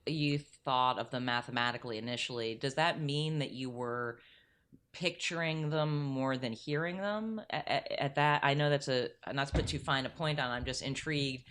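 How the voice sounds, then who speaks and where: A woman's voice: rumbling low, normal speed, fairly bright tone. A woman interviewer asking long, curious, winding questions in a casual conversation.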